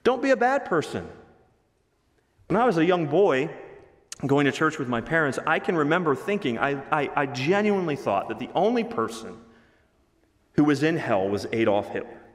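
Male pastor, animated sermon delivery in a reverberant sanctuary. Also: moderate pace. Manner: emphatic, varies pitch and pace for emphasis. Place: church sanctuary. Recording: reverberant hall.

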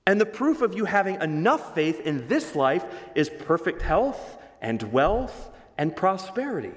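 Male pastor, animated sermon delivery in a reverberant sanctuary. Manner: emphatic, varies pitch and pace for emphasis. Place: church sanctuary. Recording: reverberant hall.

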